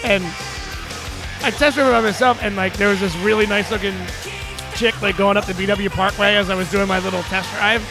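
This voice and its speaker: A man's voice: high voice, flat delivery, fairly quick, music in the background. A man co-hosting a podcast, telling rambling, jokey stories in casual comedic chat. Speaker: podcast co-host.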